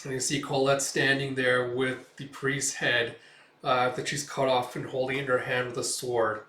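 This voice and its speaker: A man's voice: medium pitch, level tone, moderate pace, bright, forceful tone, distant mic, slight background noise. Man casually retelling a comic. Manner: loose retelling with many fillers. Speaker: comic reviewer. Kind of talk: casual comic read-through. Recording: echoey room, mic set back.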